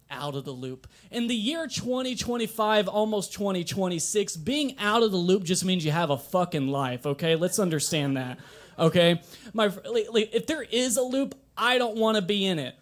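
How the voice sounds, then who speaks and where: High-voiced man doing stand-up. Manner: deadpan delivery with sudden animated outbursts. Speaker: stand-up comedian. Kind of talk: stand-up comedy set. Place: coffee shop open mic.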